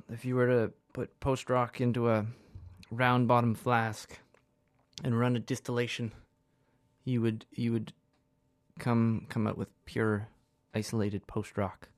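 A man's voice: medium pitch, little pitch movement, slow, long pauses, no echo. Young man, twenties, radio host, casual rambling chat, self-deprecating, filler words, dry close studio mic. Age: 20s.

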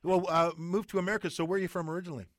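Radio host guy, kinda high voice, lots of ums and uhs, dry studio. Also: flat delivery, very fast, a bit bright, no echo. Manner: hesitant, lots of fillers. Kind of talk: radio interview.

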